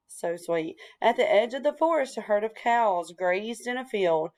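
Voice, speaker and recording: A woman reading a picture book aloud in a slow, deliberate storytelling voice. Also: a little high, expressive, darkish tone.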